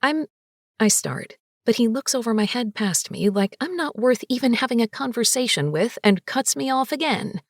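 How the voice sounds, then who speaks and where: A woman reading an audiobook in first person, her voice fairly high and full of sass. She leans into the wry asides with lively expression. The recording is close and dry. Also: moderate pace, hardly any pauses, no echo. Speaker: audiobook narrator.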